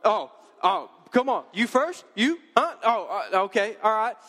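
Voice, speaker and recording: A man acting out a fired-up figure who taunts a crowd in quick bursts. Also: high voice, big pitch swings, pushed and bright, big-room sound, full character voice. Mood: taunting. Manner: taunting, rapid-fire. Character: fired-up man daring a mob.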